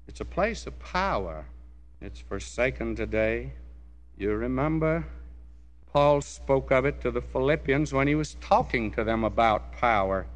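Slow preacher echoing through a hall. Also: male voice, mid-range voice, fairly bright tone. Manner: slow, deliberate preaching that swells when quoting scripture. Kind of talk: sermon. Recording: long hall reverb.

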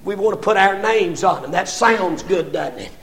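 High-voiced older man preaching with fervor. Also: animated, moderate pace, vocal fry. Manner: impassioned, rising to shouts, stammering repetitions. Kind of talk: sermon.

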